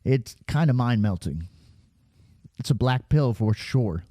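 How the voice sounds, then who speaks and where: A man talks over footage on screen, out of breath and rambling, sliding from sarcasm into preaching. His voice is mellow and dark, and it sits close and dry on the mic. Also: medium pitch, lively intonation, measured pace, long pauses, no room sound. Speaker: video creator. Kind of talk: casual commentary over weather radar footage.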